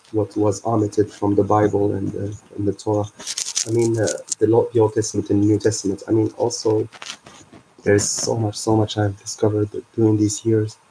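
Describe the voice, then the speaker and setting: A man hosting a livestream, explaining his ideas in an earnest, halting way. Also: on the low side, mellow, slight background noise, rough recording. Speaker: livestream host.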